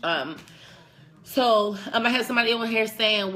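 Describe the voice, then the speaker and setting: Young woman vlog host, blunt and profane, bright forward voice. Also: fairly high pitch, normal speed. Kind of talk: casual advice vlog.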